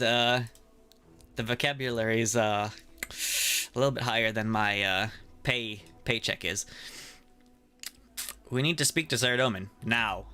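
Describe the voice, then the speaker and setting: A male streamer with a bright, forceful voice reads each character's dialogue aloud as he plays. He cracks jokes and laughs often between the lines, with faint music underneath. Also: mid-range voice, smooth. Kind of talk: casual playthrough with voiced reading.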